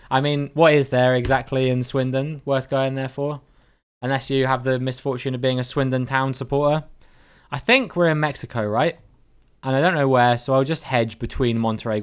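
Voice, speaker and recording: A man's voice: medium pitch, smooth. A man giving chatty, playful live-stream commentary while playing a guessing game with his viewers, greeting them by name and swearing casually.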